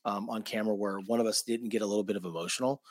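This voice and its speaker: A man's voice: fairly low pitch, fairly even intonation, rapid-fire, no room sound, clean studio sound. A man hosting an interview show, casually praising his guest before a break. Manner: warm, effusive praise, casual address. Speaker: host. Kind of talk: interview and read sponsor ad.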